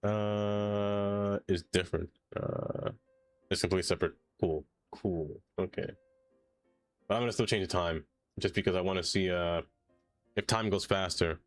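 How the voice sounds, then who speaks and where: A man with a slightly low voice gives casual running commentary on his city-building game. He jokes to himself as he works. Faint music plays under his voice. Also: fairly even intonation, moderate pace, dry recording. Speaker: streamer.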